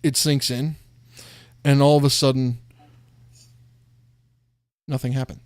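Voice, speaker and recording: A man's voice: medium pitch, flat delivery, slow pace, a little mellow. A man running a tabletop game as game master, laughing often and talking in a loose, casual way.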